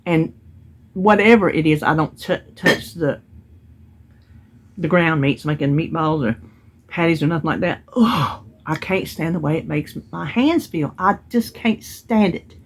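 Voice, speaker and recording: A woman's voice: low voice, unhurried. A woman chatting casually at home about items she bought and received in the mail, telling stories as she goes. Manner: chatty, storytelling, Southern-style grammar. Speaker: vlogger. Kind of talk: casual haul chat.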